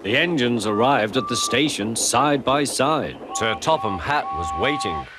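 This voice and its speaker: Animated male storyteller over music. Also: medium pitch, measured pace, noisy background. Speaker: narrator. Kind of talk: storybook narration.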